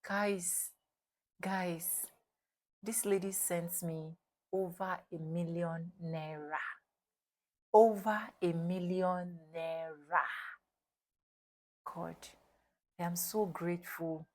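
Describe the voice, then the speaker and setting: A woman's voice: on the low side, steady tone, drawn-out words, pauses often, a little mellow. Nigerian woman, young adult, vlog storytelling, dramatic, repeats lines for effect. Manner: dramatic, repeats phrases for emphasis. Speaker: YouTube vlogger.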